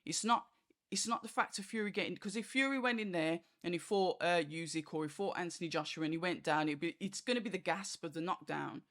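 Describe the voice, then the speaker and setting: In this casual fight review monologue, the boxing host speaks briskly in a mid-range, slightly bright voice. The talk wanders, leans on "like" and "you know", and includes acted-out reactions.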